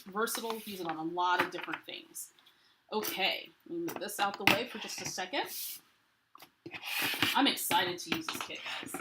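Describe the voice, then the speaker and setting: A woman with a mid-range voice hosts a live craft unboxing. She is chatty and enthusiastic and greets viewers by name. A faint hiss sits under the recording. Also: medium pitch. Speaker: craft livestream host.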